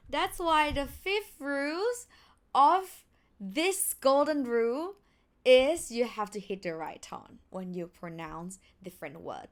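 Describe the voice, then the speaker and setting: A young woman with a Thai accent teaching a language lesson, slowing right down to sound out each tone. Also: a little high, fairly bright tone. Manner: slow, careful, drawn-out tone demonstrations.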